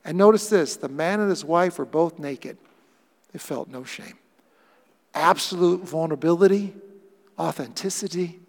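A man preaching a sermon as pastor, animated, acting out quoted lines with playful voices. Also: a little high, moderate pace, long pauses, long reverb tail.

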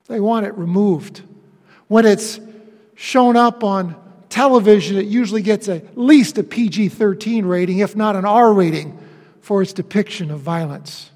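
A man with a high voice preaches a sermon in a church sanctuary, slow and deliberate. He leans on dramatic pauses and swings from ringing declarations to near-whispered phrases. His words trail off into the long reverb of the hall. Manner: emphatic, with dramatic pauses and swings from loud to hushed. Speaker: pastor.

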